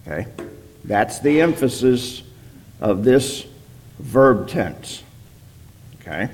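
Slow, deliberate male Bible teacher. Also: mid-range voice, animated, a little mellow. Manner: slow, deliberate, checks in with "okay?".

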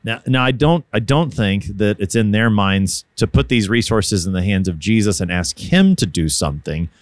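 Low-voiced thoughtful man, dry sound. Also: normal speed, no echo. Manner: thoughtful, hesitant, with many restarts and light laughs. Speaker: co-host of a Bible discussion. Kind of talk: casual scripture discussion.

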